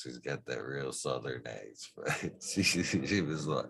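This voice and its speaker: A man hosting a casual livestream chat, giving laid-back shout-outs to his viewers. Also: a bass voice, animated, normal speed, few pauses, slightly rough. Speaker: livestream host.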